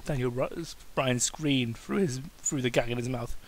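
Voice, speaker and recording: A man's voice: medium pitch, moderate pace, heavy background noise. A man giving an amateur dramatic reading of fan fiction, stumbling over words and adding wry asides. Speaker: reader.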